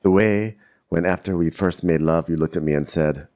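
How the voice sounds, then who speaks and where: A man's voice: low voice, fairly even intonation, brisk, darkish tone. A middle-aged man co-hosting a comedic recap podcast, a chatty storyteller who laughs often and mimics the people he quotes. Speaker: podcast co-host.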